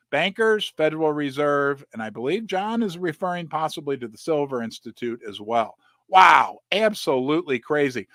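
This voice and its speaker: Male host, higher voice, very animated delivery, sarcastic commentary, dry close sound. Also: normal speed, no echo. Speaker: precious metals commentator. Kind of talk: casual commentary reading articles aloud.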